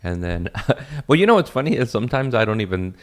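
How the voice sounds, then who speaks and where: A man's voice: mid-range voice, very animated, brisk. A man from Los Angeles, a comedian guest in a casual podcast chat, laid-back, cursing freely and laughing often.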